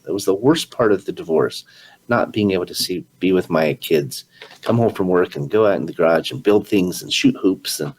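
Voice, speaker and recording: Husky-voiced man telling a story. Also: on the low side, poor audio. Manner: earnest, animated retelling with frequent restarts. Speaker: podcast host. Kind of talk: conversational storytelling.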